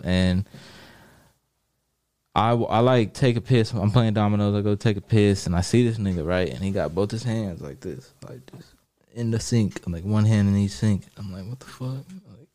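A man casually telling stories from prison in a relaxed, profane way, laughing often and filling his talk with "like" and "you know what I mean". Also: fairly low pitch, normal speed, dry recording. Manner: laid-back, profane, laughs often, many fillers. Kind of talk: casual storytelling chat.

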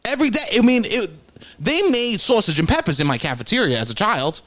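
A man's voice: high-pitched, sing-song, brisk, a bit bright. A young man from New York, an improv comedian, rambling and swearing casually as a podcast guest.

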